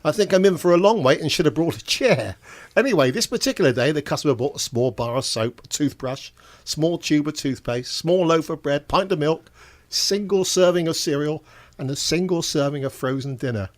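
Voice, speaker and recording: An older man telling stand-up jokes in a deadpan way, chuckling at his own punchlines. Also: a little high, a little fast. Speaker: stand-up comedian and show compere.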